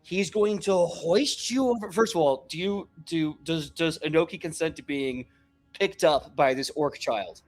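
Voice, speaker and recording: A man's voice: fairly high pitch, unhurried, faint music behind. A man running a tabletop game as game master, narrating the scene. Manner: lively, animated narration.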